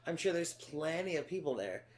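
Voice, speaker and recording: A man's voice: a little high, very animated, brisk, slight background noise. A man from Los Angeles, a podcast co-host telling stories in a sardonic, profane way. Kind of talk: casual chat.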